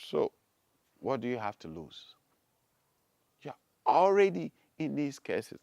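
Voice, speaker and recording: A man preaching, reading scripture low and slowly, then rising to loud, emphatic rhetorical questions. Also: sing-song, vocal fry, no echo, studio quality. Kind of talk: preaching sermon.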